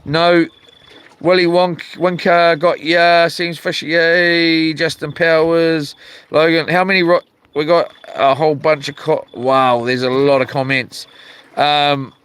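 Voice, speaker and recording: A man's voice: fairly high pitch, level tone, slow pace, fairly bright tone, clean tone. A man with a New Zealand accent casually chatting on a fishing live stream, reading viewer comments aloud with lots of fillers and restarts. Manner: rambling, reads chat aloud with many fillers and restarts. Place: outdoors by the sea while fishing.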